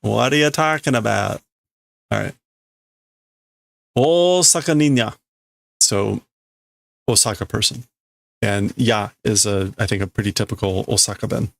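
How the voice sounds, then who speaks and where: A livestreamer with a fairly low, steady voice, some vocal fry, and a slightly bright tone works through a manga translation aloud at normal speed. He hesitates, restarts, and corrects himself while figuring it out, with no echo on the recording.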